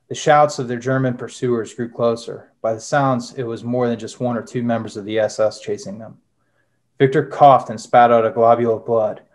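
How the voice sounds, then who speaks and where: A man's voice: medium pitch, steady tone, moderate pace, a little mellow. A young adult man, an author and former Marine, answering interview questions casually with many fillers and reading from his book.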